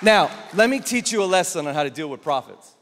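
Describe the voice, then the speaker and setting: A man's voice: high-pitched, lively intonation, a little fast, a bit bright, a faint crowd, a little hiss or hum. A man preaching a sermon as pastor, telling stories animatedly with emphatic repetition. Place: large church auditorium. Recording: long reverb of a large church hall.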